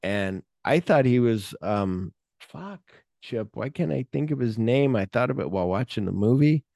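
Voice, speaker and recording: A man's voice: mid-range voice, lively intonation, normal speed, gravelly, dark tone, dry recording, studio quality. A man co-hosting a casual film podcast, rambling and searching for names with lots of fillers. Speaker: podcast co-host.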